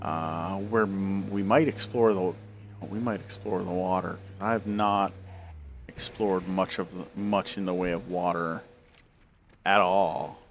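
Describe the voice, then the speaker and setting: A man in his forties chats loosely while he plays, drifting from one tangent to the next. His voice sits on the low side, and he keeps hiccuping and talking around a sore, swollen tongue. A faint hiss of noise runs under the recording. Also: steady tone, unhurried. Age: 40s. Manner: rambling, trailing off into tangents. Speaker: gameplay video creator. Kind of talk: casual gameplay commentary.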